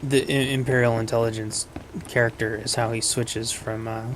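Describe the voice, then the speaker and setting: Rambling, excitable gaming vlogger man. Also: mid-range voice, normal speed. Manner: rambling, enthusiastic, self-interrupting. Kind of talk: casual game commentary. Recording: voice over loud game audio and noise. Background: video game sound.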